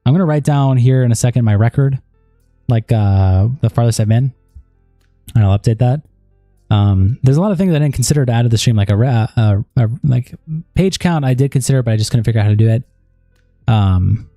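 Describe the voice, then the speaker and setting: Male streamer, dark mellow voice, dry close sound, reads logs aloud and drifts into loose asides over faint music. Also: medium pitch, brisk, dry recording. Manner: steady reading with rambling casual asides and fillers. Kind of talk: reading chat logs aloud on a live stream.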